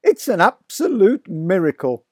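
Man voicing a thrilled storybook father, raised voice, lively swooping delivery, exclaiming in wonder. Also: high-pitched, a little slow, husky, dry recording, clean studio sound, voice pushed up, full character voice. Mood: awed. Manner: exclaiming, breathless with excitement. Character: excitable delighted adult father.

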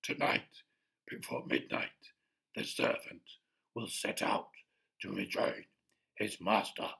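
Deep, harsh, gravelly trance seer. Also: female voice, animated, slow, a bit bright, full character voice. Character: entranced female seer speaking in a trance voice. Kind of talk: audiobook character voice.

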